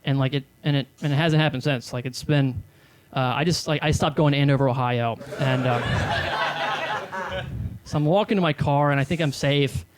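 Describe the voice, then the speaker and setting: A man's voice: medium pitch, moderate pace. A man in his thirties doing stand-up comedy, telling rambling, self-deprecating stories with many fillers into a handheld stage mic. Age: 30s.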